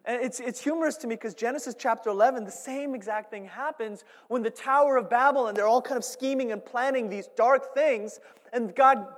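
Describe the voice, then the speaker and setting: A man preaching a sermon as a pastor, telling stories animatedly and swinging between hushed asides and loud, emphatic points. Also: high-pitched. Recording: long hall reverb.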